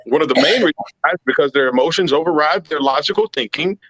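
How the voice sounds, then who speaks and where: A man's voice: on the high side, fast, a bit bright, no echo. A man talking as a podcast guest in casual discussion, driving his points home and checking in with a repeated "right?". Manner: emphatic, builds arguments with repeated "right?". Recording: dull, dry lo-fi sound.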